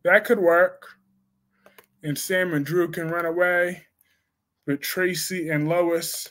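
Animated high-voiced male live-streamer. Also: slow, pauses often. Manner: animated, laughing, slangy, reacts loudly to chat. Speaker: host of a soap opera live stream. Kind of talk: casual live-stream chat reading viewer comments.

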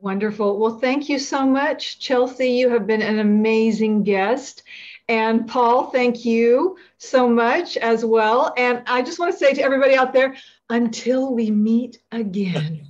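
A woman's voice: a little high, measured pace. A woman hosting a talk show, speaking in an effusive, gushing way with stammering restarts. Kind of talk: interview hosting. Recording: slightly dull lo-fi recording.

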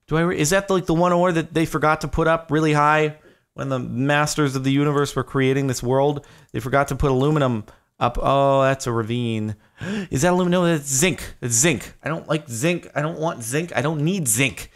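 A young man giving chatty running commentary while playing a game, turning to panicked shouts when chased. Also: mid-range voice, brisk, clear, resonant tone. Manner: chatty, jumps to panicked yelling. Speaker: gaming YouTuber. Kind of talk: live Minecraft commentary.

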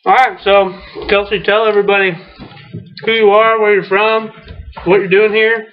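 A man's voice: sits high, moderate pace, slight background noise. Joking man hosting a snack chat. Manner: relaxed, joking, talks while eating. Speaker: softball coach, show host. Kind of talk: casual interview chat. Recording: muffled lo-fi recording.

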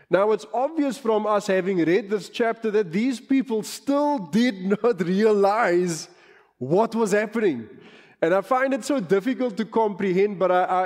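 Pastor, middle-aged South African man, higher voice, emphatic rising-and-falling preaching, church reverb. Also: darkish tone. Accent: South African English. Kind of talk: sermon.

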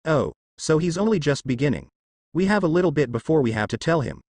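A man voicing an older grandfather who speaks calmly and with assurance. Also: fairly high pitch, brisk, no room sound.

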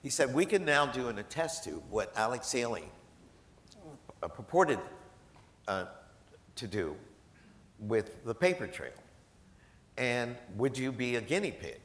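A man, a professor, telling animated, self-deprecating anecdotes to a live audience and laughing often. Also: medium pitch, unhurried, long pauses, roomy sound. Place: large event hall.

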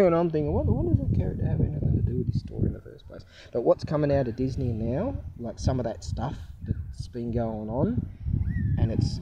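Middle-aged male vlogger, rambling chatty manner with frequent chuckles; loud background noise throughout. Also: mid-range voice, recorded from a distance, lo-fi sound. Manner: rambling, chuckles often, many fillers and restarts. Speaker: channel host. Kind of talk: casual rambling vlog chat.

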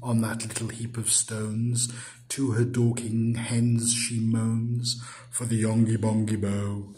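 A man giving a poetry recital in a rhythmic, measured reading voice. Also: fairly low pitch, little pitch movement, warm tone. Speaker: poetry reader.

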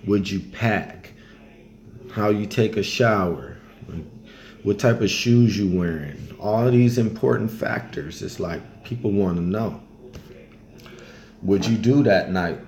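A man casually telling travel stories in a loose, colloquial way, now and then acting out other people in high voices. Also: a little slow, darkish tone. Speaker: travel storyteller. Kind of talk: casual storytelling.

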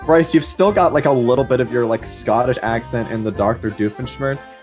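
A man's voice: medium pitch, brisk, a little mellow, faint music behind. A man chatting casually and teasing his friends while they play a game. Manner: teasing, laughing. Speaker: gamer. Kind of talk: casual chat while gaming.

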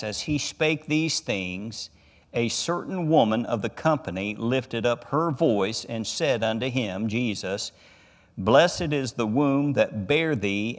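A male pastor preaches in a slow, measured way, with pauses between phrases. He reads scripture deliberately and presses his key points with emphatic rises. His voice carries a long reverb from the church hall he speaks in. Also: mid-range voice. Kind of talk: Bible study sermon. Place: church sanctuary.

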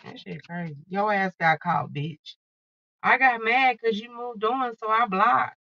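Bright, profane tarot-reading woman. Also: mid-range voice, unhurried, vocal fry, lo-fi sound. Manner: blunt, profane, fired-up channeling. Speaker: tarot card reader. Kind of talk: casual tarot reading to viewers.

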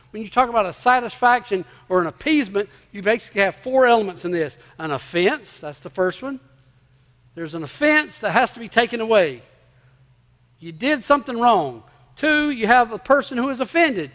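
Male pastor, emphatic sermon, high voice, repeats himself for weight, long church reverb. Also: expressive, a little fast, a bit bright. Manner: emphatic, repeats key phrases, asks the congregation rhetorical questions. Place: church sanctuary before a congregation.

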